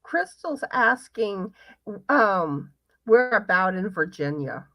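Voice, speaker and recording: A woman's voice: mid-range voice, big pitch swings, slow, sharp tone, no room sound. A woman hosts a casual live stream, rambling through announcements with lots of filler words. Her voice sits in a middle range. The sound is close and dry. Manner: chatty, rambling, full of fillers. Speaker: host.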